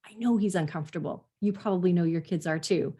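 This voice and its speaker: A woman's voice: on the low side, quick pace, dark tone, breathy edge. Earnest woman parenting coach explaining. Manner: earnest, explanatory, acts out quoted parents and kids. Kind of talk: conversational teaching monologue.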